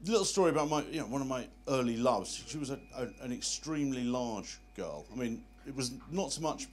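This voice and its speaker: Male amateur stand-up, mid-pitched and lively, self-deprecating gags to a live room. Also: brisk. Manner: self-deprecating one-liners. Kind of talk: live stand-up comedy set. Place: hotel function room with a live audience.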